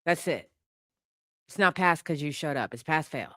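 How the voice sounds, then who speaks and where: A woman's voice: sits low, animated, moderate pace, sharp tone, dry recording, studio quality. A woman commentator in a casual opinion rant, blunt and profane, hammering her points by repeating them. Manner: emphatic, repeats points for force.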